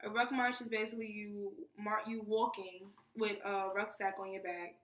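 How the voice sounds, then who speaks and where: A young woman from New tells her training story in a casual, animated vlog, peppering her talk with "freaking". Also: mid-range voice, normal speed. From New York. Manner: animated, chatty, says "freaking" often. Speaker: soldier vlogger. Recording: echoey room, mic at a distance.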